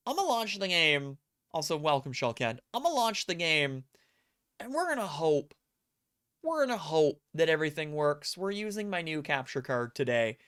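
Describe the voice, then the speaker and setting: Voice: mid-range voice, fairly bright tone, clear, resonant tone. A live streamer chatting casually with viewers, telling stories in a rambling way, acting out quotes and poking fun at themselves. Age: adult. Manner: rambling storyteller, acts out quotes; self-mocking.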